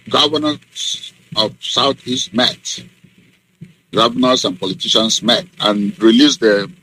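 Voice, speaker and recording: A middle-aged man, a professor, answering in a radio interview in an emphatic, deliberate way with many ums. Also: medium pitch, sharp tone, a little hiss or hum, low-quality recording. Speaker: guest professor and activist.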